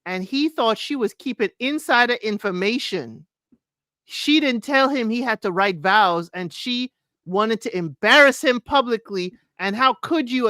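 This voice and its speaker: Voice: mid-range voice, animated, unhurried, bright, forceful tone, no room sound. Dry-sounding co-host recapping episodes. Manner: recapping episodes with frequent ums. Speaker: podcast co-host. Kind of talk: casual livestream chat.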